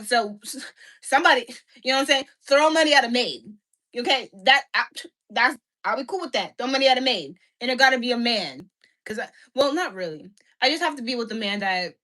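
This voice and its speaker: A woman's voice: fairly high pitch, sharp tone. A young woman ranting bluntly and profanely to her livestream chat, repeating herself and filling with "like". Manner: repeats herself, many "like" fillers.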